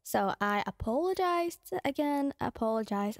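A woman's voice: high voice, expressive, a little slow, a little mellow, no echo, clean studio sound. A woman who makes ASMR videos, chatting casually and ramblingly to her viewers. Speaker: ASMR creator.

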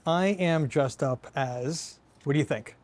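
A man's voice: on the high side, a little slow, darkish tone. A man co-hosting a film review show, telling stories with enthusiasm and animation. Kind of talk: casual chat. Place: production studio.

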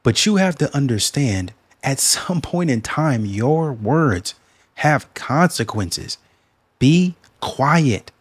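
A man's voice: medium pitch, animated, slow pace, husky. A man giving reaction commentary in blunt, scolding interjections.

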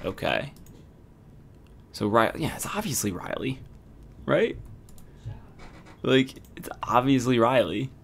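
A young man giving casual, excitable commentary while he plays a game, laughing and thinking aloud. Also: medium pitch, takes it slowly, gravelly, pauses often, a little hiss or hum. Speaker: gamer.

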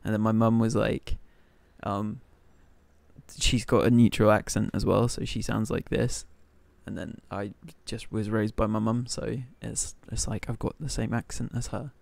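Slow-talking gravelly British streamer. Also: male voice, on the low side, flat delivery, a little mellow, no room sound. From northern England. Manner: chatty and self-mocking, thanking viewers by name. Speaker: streamer playing a cooking game. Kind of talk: casual live-stream chat.

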